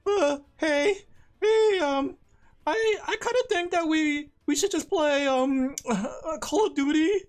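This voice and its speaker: A man's voice: very high voice, takes it slowly, soft background music, voice pushed up. A man putting on the voice of a nervous, nerdy young gamer who stammers and fumbles his words. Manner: stammering, awkward, full of filler.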